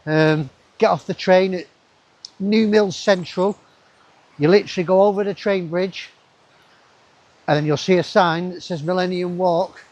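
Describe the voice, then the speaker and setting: A man's voice: sits high, steady tone, a little slow, long pauses, a little mellow. A man, chatting casually to his camera as he walks through a river gorge outdoors, rambling with asides to himself. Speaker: travel vlogger. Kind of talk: casual walking commentary.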